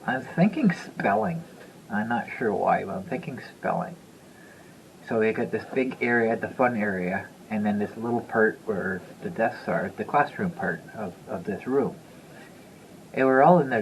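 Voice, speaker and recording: A man's voice: fairly low pitch, slight background noise, rough recording. A man in his fifties telling a story to the camera in a loose, rambling way, chuckling and repeating himself. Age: 50s. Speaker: vlogger. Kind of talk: casual storytelling.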